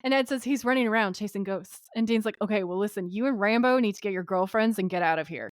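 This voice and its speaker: Speaking quickly in a mid-range voice, a woman co-hosts a podcast and recaps an episode in casual chat, animatedly performing characters' lines in voices. The recording is dry and studio quality.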